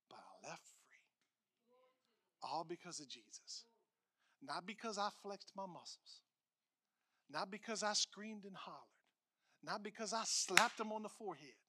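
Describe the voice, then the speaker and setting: High, bright-voiced preaching pastor. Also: male voice. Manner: emphatic preaching, repeating phrases, swings from loud to hushed. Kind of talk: sermon.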